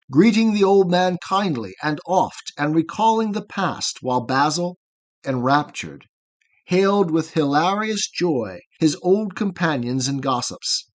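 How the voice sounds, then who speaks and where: A man reads a long narrative poem aloud as a podcast host. His voice sits slightly high for a man, and his reading keeps a measured, rhythmic cadence. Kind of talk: poetry reading.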